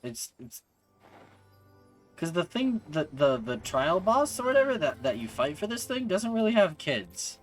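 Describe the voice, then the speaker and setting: A man's voice: a little high, sing-song, a little slow, soft background music. A man streaming a video game, chatting casually in a rambling, wry way and often stopping to correct himself. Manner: rambling, self-interrupting, wry. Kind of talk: casual livestream chat while playing.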